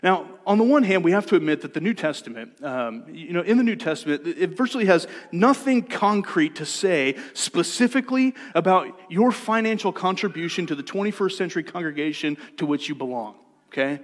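A man preaching a sermon as pastor, in a relaxed conversational way that often repeats words as he restarts. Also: high voice, brisk. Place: church sanctuary. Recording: long church reverb.

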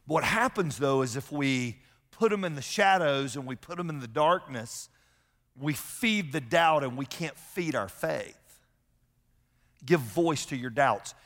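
A man's voice: on the high side, expressive, a little slow, fairly bright tone. A middle-aged man preaching a sermon as a pastor, emphatic, repeating key phrases and telling personal stories. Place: large church sanctuary. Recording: long hall reverb from sanctuary.

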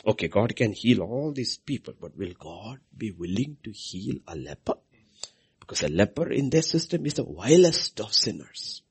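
A man preaching a sermon, repeating key phrases and swinging his voice from soft lows to loud highs for emphasis. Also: sing-song, normal speed, slightly rough.

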